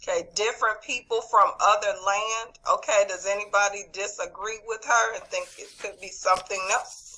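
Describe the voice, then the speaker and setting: Bright-voiced teacher on a video call. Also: female voice, mid-range voice, steady tone, normal speed, a little hiss or hum, poor audio. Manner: encouraging, calls on students by name. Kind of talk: online class quiz review.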